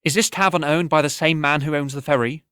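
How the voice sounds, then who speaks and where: A man voicing a sick young boy who speaks in a halting, strained way, in an audiobook. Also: fairly high pitch, steady tone, sharp tone, smooth, no room sound, clean studio sound.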